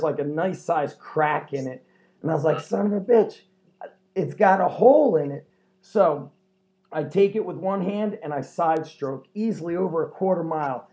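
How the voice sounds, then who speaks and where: A man hosting a podcast, telling a story in an animated way, laughing and swearing often. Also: fairly high pitch. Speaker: podcast host. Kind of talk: casual chat.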